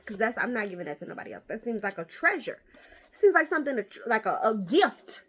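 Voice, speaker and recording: A woman vlogger chatting casually as she opens card packs, animated and swearing freely. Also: fairly high pitch, fast. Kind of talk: casual chat.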